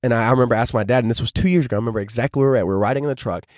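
Young male podcast host in his 20s, quick and rambly, dry close sound, casual reflective monologue. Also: medium pitch, dry recording. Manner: casual, rambling, many filler "like"s.

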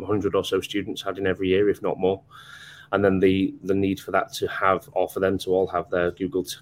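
A man's voice: low-pitched, a little hiss or hum. A man, a guest, explaining his work over a video call in a hesitant way with many ums. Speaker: guest company representative.

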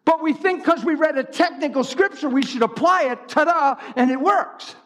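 Man, preacher, sermon, high voice, animated, swings from shouts to low storytelling, long hall echo. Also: moderate pace.

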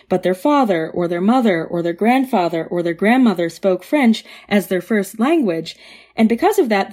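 A woman hosts an interview podcast in a mellow, mid-pitched voice. She lays out each question carefully and at length, giving context before she asks it. Her delivery stays articulate and measured. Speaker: podcast host.

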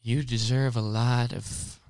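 A male podcast co-host talks casually about faith, acting out little scenes and quotes like an animated storyteller as he explains. His medium-pitched voice is smooth and unhurried, recorded in clean studio sound with no room echo.

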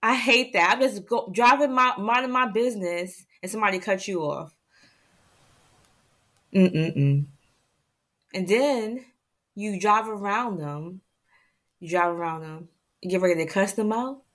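A woman hosting her own podcast, venting to listeners in a casual, animated way and laughing often. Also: mid-range voice, moderate pace. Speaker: podcast host.

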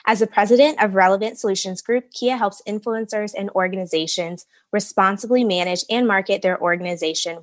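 Woman podcast host, excited, chirpy intro, dry close sound. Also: medium pitch, no room sound. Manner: upbeat, enthusiastic introductions. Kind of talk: podcast interview.

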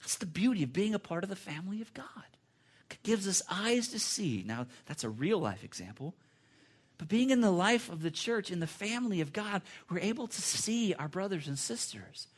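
A man's voice: high voice, sing-song, normal speed. A man preaching a sermon in an earnest, conversational way, with repetitions and restarts. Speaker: pastor.

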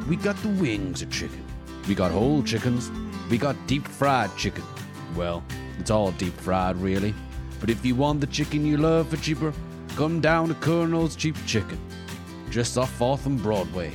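A man playing a pushy, hard-selling fast-food ad announcer. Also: medium pitch, natural voice. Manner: hard-sell announcer, sliding into bored swearing.

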